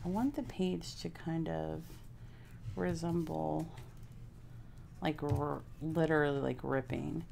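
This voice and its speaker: A woman's voice: sits low, steady tone, takes it slowly, creaky, pauses often, dark tone, slight background noise. A woman from Texas, chatting casually with live viewers while she works on a craft project and thinks aloud. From Houston, Texas. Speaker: craft vlogger.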